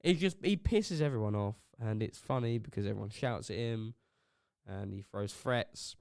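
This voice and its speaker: A man's voice: fairly low pitch, moderate pace, vocal fry, darkish tone, clear, resonant tone, no room sound, studio quality. A young man, co-hosting a podcast, telling rambling, sweary work stories and acting out what others said. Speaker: podcast co-host. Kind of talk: casual chat.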